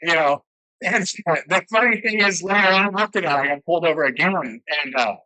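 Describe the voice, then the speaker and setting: A man's voice: fairly high pitch, moderate pace, bright, forceful tone, low-quality recording. A man sharing his recovery story at a meeting, candid, profane and self-mocking, in a room where a camera follows him. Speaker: alumni speaker at a recovery meeting. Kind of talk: personal recovery story share.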